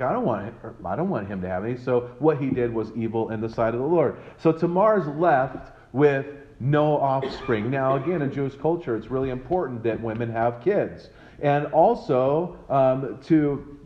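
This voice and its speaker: A man's voice: mid-range voice, dull audio. A man teaching a Bible passage in a casual, conversational way, retelling the story in his own words with quoted lines and side remarks. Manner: conversational, retells scripture with quoted voices and asides; frequent fillers and restarts.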